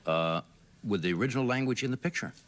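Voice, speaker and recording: A man's voice: medium pitch, lively intonation, fast, fairly bright tone. A man hosting a talk show and chatting easily with his guest, chuckling as he goes. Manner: easygoing, chuckling interviewer. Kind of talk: casual chat. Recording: 1980s TV broadcast with faint hiss.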